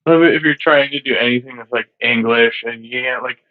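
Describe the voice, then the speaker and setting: A man's voice: mid-range voice, a little fast, no echo. A man in casual chat, laid-back and heavy on fillers. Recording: tinny phone-like line.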